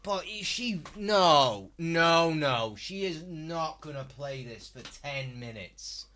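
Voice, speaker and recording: Exasperated sweary streamer. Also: male voice, fairly high pitch, animated, slow pace, fairly bright tone. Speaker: live streamer. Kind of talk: reaction stream commentary.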